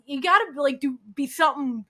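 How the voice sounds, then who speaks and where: Talking fairly quickly in a high voice, this woman co-hosts a podcast and animatedly retells a drama's storyline. She voices the characters' quotes, curses, and scatters plenty of "like"s through her casual chat.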